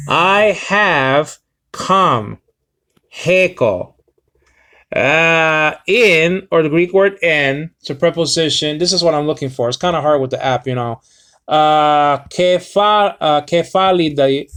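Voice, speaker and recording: Man, slightly high voice, halting casual Bible lesson, many ums and uhs, sounds out Greek words. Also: a bit bright, smooth. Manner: halting, many fillers, reading aloud slowly. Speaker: Bible teacher.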